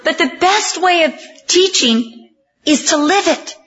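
High-voiced woman preaching with lively humor. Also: slow pace. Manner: animated, self-mocking, acts out quoted voices. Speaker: women's ministry speaker. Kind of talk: humorous sermon storytelling. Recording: dull lo-fi recording.

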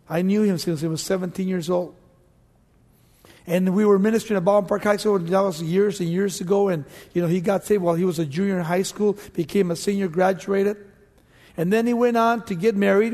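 A middle-aged male pastor preaching a sermon in an emphatic, animated way. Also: high-pitched. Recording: long reverb of a large hall.

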